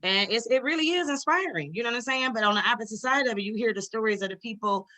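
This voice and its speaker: A woman's voice: fairly high pitch, animated, quick pace, pushed and bright. A woman on a video call, talking heartfelt and rambling to a friend, swearing casually, getting emotional.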